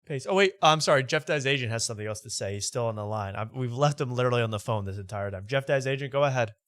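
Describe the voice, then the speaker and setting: A man hosting a late-night comedy show, riffing in loud, rambling, jokey rants. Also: mid-range voice, quick pace, dry recording, clean studio sound. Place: studio.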